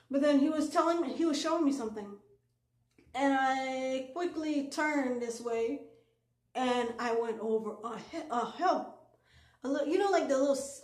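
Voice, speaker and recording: Rambling woman storyteller in an echoey room. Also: fairly high pitch. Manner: rambling, many filler ums and restarts. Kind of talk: casual personal storytelling.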